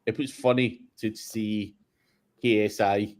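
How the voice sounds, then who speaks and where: A man's voice: fairly low pitch, flat delivery, takes it slowly, a little mellow. A man in a casual chat, talking bluntly with profane banter. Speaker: podcast co-host.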